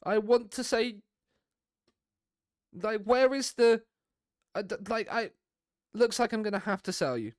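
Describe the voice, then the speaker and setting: A man's voice: high voice, unhurried, pauses often, no room sound, studio quality. A young man streaming a football management game, chatting casually with viewers in a rambling way. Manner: rambling, chatty, talks to viewers while playing.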